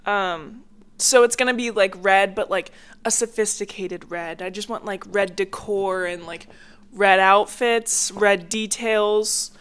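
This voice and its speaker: A woman's voice: mid-range voice, fairly even intonation, unhurried, fairly bright tone, smooth. A young woman hosting a casual solo podcast, chatty and rambling with lots of filler words, a little congested. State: a bit congested. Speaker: podcast host. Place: home, near a hallway.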